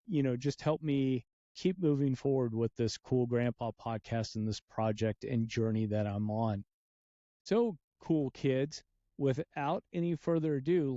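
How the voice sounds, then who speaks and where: A man's voice: medium pitch, warm tone, no echo, dull audio. Older male host, earnest and thankful, dry close sound. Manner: earnest and grateful, easygoing. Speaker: podcast host. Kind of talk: casual podcast interview.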